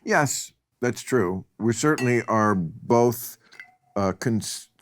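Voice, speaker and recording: A man's voice: medium pitch, expressive, slow pace, a little hiss or hum. Blunt, wry older man chatting. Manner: blunt, wry, laughs often. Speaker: podcast host. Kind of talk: casual chat.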